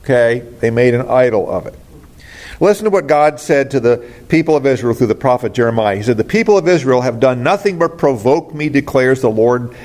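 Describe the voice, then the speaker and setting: A man's voice: fairly high pitch, a little mellow. A middle-aged man preaching a sermon as pastor, earnest and direct, asking his listeners rhetorical questions.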